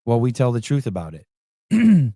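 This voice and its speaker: A man's voice: mid-range voice, wildly swooping pitch, normal speed, mellow, no echo, studio quality. Blunt, profane male podcast host. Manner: rambling, self-interrupting delivery. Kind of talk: casual podcast commentary reacting to viewer comments.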